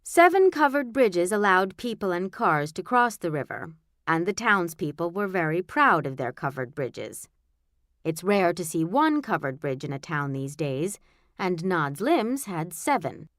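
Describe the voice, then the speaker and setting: A woman narrates a storybook with a wry, lively, rising-and-falling delivery in a fairly low voice. The sound is dry and close, with faint music underneath. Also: unhurried, no echo. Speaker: audiobook narrator. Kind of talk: scripted narration.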